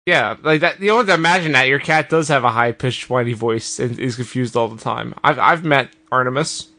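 A man's voice: medium pitch, fairly quick, sharp tone. Teasing podcast co-host man. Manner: teasing, dry quips. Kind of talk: comedic podcast banter.

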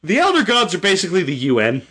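A man's voice: high voice, huge pitch swings, quick pace, a bit bright, husky. A young man casually retelling a story, rambling, swearing and correcting himself. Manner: rambling, profane, self-correcting. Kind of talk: casual chat.

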